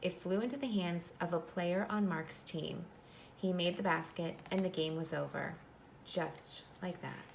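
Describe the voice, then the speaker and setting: Gravelly low-voiced teacher reading aloud. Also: female voice, slight background noise. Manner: clear, instructive, pauses to explain. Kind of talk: classroom read-aloud.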